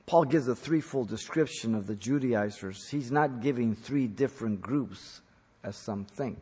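A man preaching a teaching sermon on scripture, stressing key words loudly and then dropping to quiet asides. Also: mid-range voice, measured pace, breathy edge. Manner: emphatic, swings from loud stresses to quiet asides. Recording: long reverb of a large hall.

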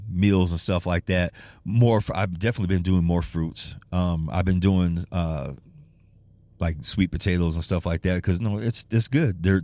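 A man's voice: sits low, a little mellow, no echo. A man hosting a casual solo podcast, rambling and swearing, laughing often and restarting his sentences. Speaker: podcast host.

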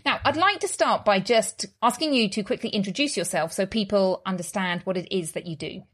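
A woman's voice: medium pitch, brisk, a bit bright. A woman hosting a podcast in a bubbly, upbeat and emphatic way. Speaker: podcast host.

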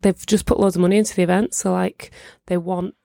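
A woman in her thirties co-hosting a casual chat, quick to react and quoting people she met. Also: on the low side, level tone, creaky, dark tone, no echo, studio quality. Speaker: podcast co-host.

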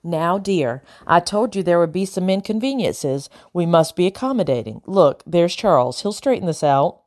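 A woman doing a low, stern, commanding gentleman. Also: expressive, moderate pace, lightly acted. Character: stern wealthy man, controlled and commanding.

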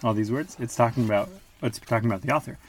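A man hosting a podcast with his child, reading a picture book aloud in an animated, playful way. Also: mid-range voice, fast talker, a little hiss or hum. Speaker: father and podcast host.

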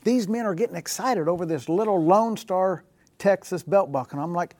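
A man's voice: high-pitched, normal speed, darkish tone, dry recording. A man, a guest on a Christian talk show, telling a personal story in a casual, anecdotal way with the occasional chuckle. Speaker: guest telling faith stories.

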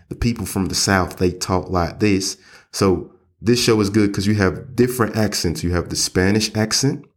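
A man's voice: deep voice, a little mellow. A man hosting an English-learning podcast, talking in a casual, rambling way with many fillers and restarts. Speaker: English teacher and podcast host. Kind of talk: casual spoken lesson.

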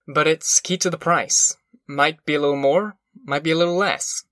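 A man's voice: a little high, fairly even intonation, normal speed, a bit bright, no room sound, clean studio sound, lightly acted. A man reading a story, voicing a cocky, pushy male labor contractor who answers brusquely and defensively.

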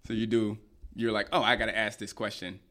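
A young man co-hosting a casual chat, teasing and joking in lively banter. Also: lowish voice, a little fast.

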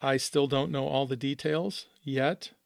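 Middle-aged Midwestern man, podcast host, earnest and emotional, gravelly tone, dry close mic. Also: mid-range voice, steady tone, unhurried, no room sound. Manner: earnest, openly emotional storytelling. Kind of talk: personal monologue.

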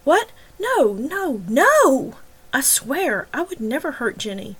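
A woman's voice: sits high, very animated, moderate pace, slightly rough, voice pushed up, full character voice, poor audio. A woman reading the lines of a confused young man under suspicion, earnest and insisting he is innocent. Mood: flustered. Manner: flustered, insistent, pleading innocence.

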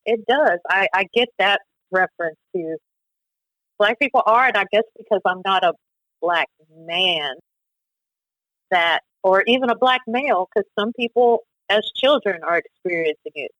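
A woman's voice: mid-range voice, expressive, normal speed, a bit bright, no room sound, poor audio. A woman calling in as a podcast guest, asking earnestly for an explanation. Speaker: guest on the phone. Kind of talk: casual conversation.

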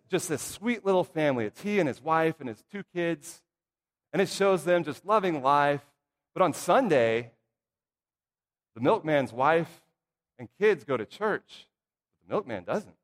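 A middle-aged man preaching a sermon to his congregation, telling childhood stories in a folksy, humorous way with lively asides. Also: fairly high pitch. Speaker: pastor or church minister. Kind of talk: casual storytelling sermon. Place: church sanctuary. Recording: long hall reverb.

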